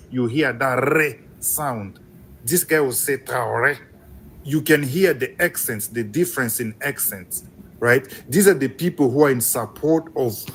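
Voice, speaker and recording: Fervent Congolese man calling in. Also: medium pitch. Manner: fervent, emphatic, rising with excitement. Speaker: caller. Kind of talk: impassioned call-in commentary. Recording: faint background noise.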